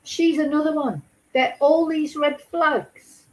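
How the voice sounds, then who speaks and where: A woman's voice: high-pitched, takes it slowly, rough recording. A woman hosting a casual true-crime chat, talking emphatically and indignantly, repeating herself and swearing. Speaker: host.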